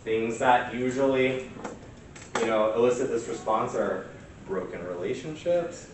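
Male workshop presenter, candid conversational delivery, mid-pitched, heard from a distance in a very echoey room with a faint hiss. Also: measured pace. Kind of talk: conversational church workshop talk. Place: church meeting room.

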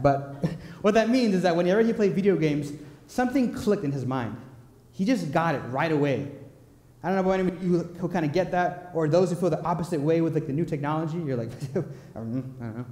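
A young preacher with a slightly high voice gives a sermon in a church sanctuary. He tells stories playfully and with animation, tossing quick asides to the congregation, while the big, echoey hall carries a long reverb.

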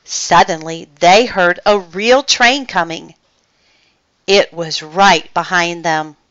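A woman reading a children's picture book aloud with expressive storytelling. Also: lowish voice, slow, no room sound, dull audio.

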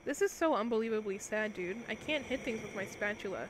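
A woman's voice: medium pitch, expressive, brisk, background noise. A young woman casually commentating on a cooking game she is streaming, talking playfully to her viewers as she plays.

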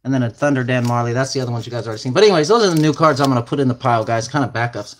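A man's voice: medium pitch, rapid-fire. A man hosting a card break, calling out card names and numbers in chatty, casual talk, sounding flustered and distracted. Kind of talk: casual card-opening commentary.

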